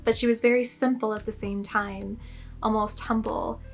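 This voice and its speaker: A young woman with a fairly high voice tells a personal story in a relaxed vlog. She is chatty and pokes fun at herself, and she fills her sentences with "like". Soft music plays faintly underneath. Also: moderate pace. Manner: chatty, self-mocking, lots of "like" fillers. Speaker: spiritual storyteller.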